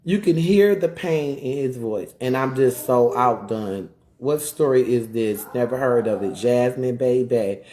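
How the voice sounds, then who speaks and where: A live streamer rants through heated commentary in a mid-range voice that's dark in tone, a little slow, and has few pauses. He's emphatic and keeps repeating his points, firing off rhetorical questions and breaking off mid-rant to greet viewers.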